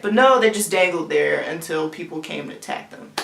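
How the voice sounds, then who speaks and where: A young woman co-hosting a casual show, talking in an animated, exasperated way about an episode she watched. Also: on the low side, moderate pace, gravelly, hardly any pauses, reverberant. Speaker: podcast co-host. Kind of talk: casual chat. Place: cold room.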